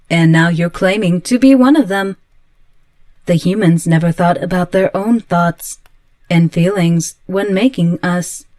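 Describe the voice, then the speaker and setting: A clingy, volatile yandere android girl, voiced by a woman in an audio drama. Her delivery is slow and earnest, with every line a plea. The voice sits close and dry, with no room around it. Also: fairly low pitch, a little mellow, dry recording. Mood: resentful. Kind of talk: audio roleplay.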